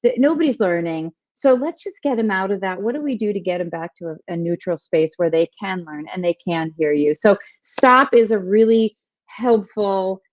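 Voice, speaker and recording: A woman's voice: mid-range voice, moderate pace, no room sound. Muffled woman telling parenting stories. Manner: animated, emphatic repetition. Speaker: guest author. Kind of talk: storytelling in a conversational interview. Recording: dull lo-fi dry sound.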